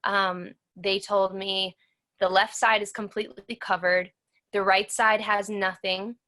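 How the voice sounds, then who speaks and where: As a guest in an interview, a thirtysomething woman earnestly relates her own experiences and performs the dialogue of the people around her. Her voice is medium in pitch and a little bright.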